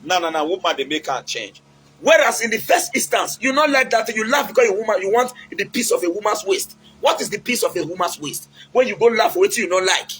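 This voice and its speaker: Nigerian man, high voice, preachy advice talk, faint noise behind. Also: lively intonation, quick pace, a bit bright, rough recording. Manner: preachy, mixes in Pidgin, acts out quotes.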